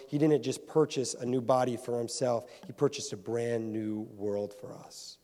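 A man's voice: mid-range voice, mellow. A pastor preaching an earnest, emphatic sermon to his congregation, repeating phrases for weight. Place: church hall. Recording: hall reverb.

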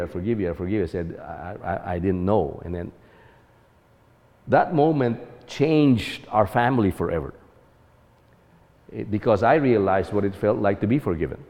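A man's voice: lowish voice, expressive, moderate pace, long reverb tail, muffled recording. A man telling a personal story about fatherhood as an earnest testimony.

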